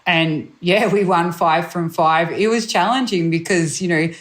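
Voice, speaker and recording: A woman with a slightly low voice tells her rally stories in a lively, chatty way. She acts out the people she quotes, often breaking into laughter. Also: unhurried. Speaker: rally co-driver guest. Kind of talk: animated anecdotal storytelling.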